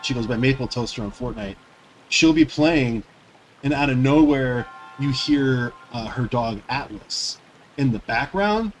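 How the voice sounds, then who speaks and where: A man's voice: mid-range voice, lively intonation, a little slow, slight background noise, low-quality recording. A man who streams games, chatting casually while he plays in a loose, rambling way with lots of fillers. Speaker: gaming streamer. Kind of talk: casual chat while playing.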